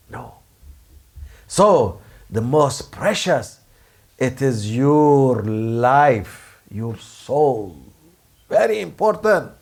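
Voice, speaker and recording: A man's voice: medium pitch, very slow, pauses often. A man preaching a sermon in simple, broken English, acting out angry voices to make his points. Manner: non-native English, simple broken grammar; animated, acts out angry ego voices. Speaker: Sufi preacher.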